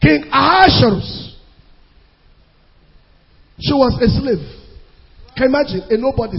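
A man preaching a sermon, emphatic, drawing out key words and rising to shouts, recorded muffled with long hall reverb. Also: very high-pitched, expressive, takes it slowly, gravelly, long pauses, breathy edge.

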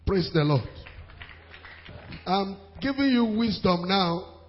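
Male preacher, animated sermon delivery, high voice, muffled sound with a long hall echo. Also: slow, slight background noise. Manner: animated preaching with pidgin asides and laughter. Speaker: pastor. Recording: dull sound in a reverberant hall.

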